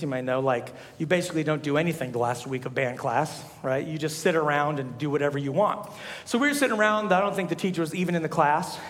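A young man preaching a sermon as a pastor, telling stories with animated energy and rising to shouts. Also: medium pitch. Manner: animated storytelling, rises to shouts. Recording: echoey hall.

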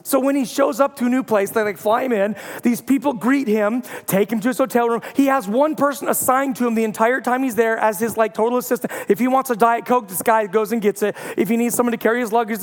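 High-voiced man preaching in a hall. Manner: storytelling with playful humor and loud bursts. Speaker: pastor. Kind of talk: sermon. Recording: long hall reverb.

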